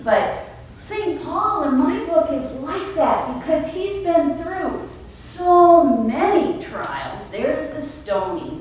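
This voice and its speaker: A woman pastor preaches in a high voice at a very unhurried pace, leaning on dramatic pauses. Her words ring around a large echoey sanctuary, caught from a distance with a faint hiss underneath. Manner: emphatic, with dramatic pauses and storytelling. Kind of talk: sermon. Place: church sanctuary.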